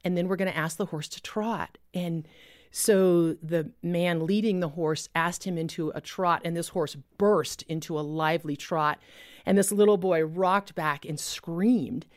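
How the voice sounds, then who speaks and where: A woman's voice: fairly low pitch, a little slow, dry recording. Woman telling a faith story, earnest, lots of restarts, dry close sound. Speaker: guest storyteller.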